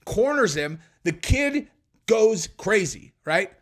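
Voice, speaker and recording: A man hosting a podcast, telling stories and commenting in a brash, animated, profane way. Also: high-pitched, takes it slowly. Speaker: podcast host.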